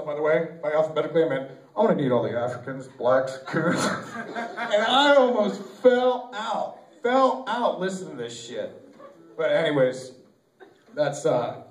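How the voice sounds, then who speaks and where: At an open mic in a small comedy club or bar, a high-pitched young man does an amateur stand-up set, rambling, correcting himself and filling gaps with fillers. The audience laughs, and the echoey room was taped from far off on a camcorder.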